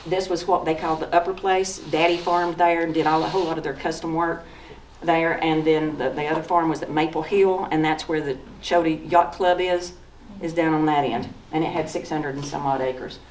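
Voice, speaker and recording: A woman's voice: low-pitched, steady tone, moderate pace, hardly any pauses, a little hiss or hum. A woman in her sixties from East Tennessee with a Southern accent, telling folksy stories as she walks through old photos in a museum talk. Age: 60s. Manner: folksy, storytelling, pointing at photos. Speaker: author giving a talk. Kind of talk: slideshow talk with personal memories. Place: museum lecture room. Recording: echoey room from far off.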